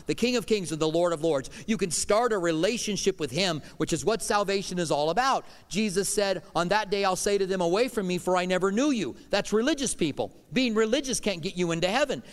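A middle-aged man delivers a sermon with earnest conviction, his voice sitting a little high for a man. He pushes some lines out loudly and drops others to a hush. A long reverb trails each phrase, as in a church sanctuary. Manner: earnest preaching, swings from loud to hushed. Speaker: pastor.

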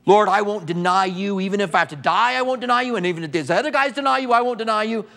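A man's voice: high voice, lively intonation, fast talker, gravelly, bright, forceful tone, pitched above the performer's own voice, heavily acted. A man preaching who voices an impulsive fisherman disciple, speaking earnestly and pleadingly. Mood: vowing.

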